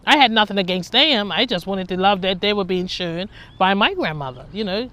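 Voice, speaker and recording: A woman speaks at a medium pitch, recounting her childhood in a loose, conversational way. She is candid and reflective, and she often laughs at her own past. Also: animated, brisk, pushed and bright. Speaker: storyteller. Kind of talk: personal life story, told conversationally.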